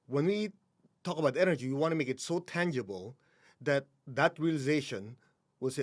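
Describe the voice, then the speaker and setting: A man who teaches energy healing, a podcast guest, calmly guiding listeners through a breathing exercise and laughing often. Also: medium pitch, brisk. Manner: calm, instructive, laughs often.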